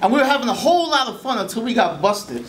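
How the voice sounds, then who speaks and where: A man's voice: extremely high pitch, very animated, quick pace, a crowd in the background. A man in his forties telling comic stories on stage, with a playful, wry manner. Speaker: solo performer.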